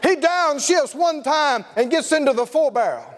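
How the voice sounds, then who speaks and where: High-voiced, lively storytelling preacher man. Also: moderate pace, long reverb tail, very noisy. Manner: animated storytelling, chuckling. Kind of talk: sermon.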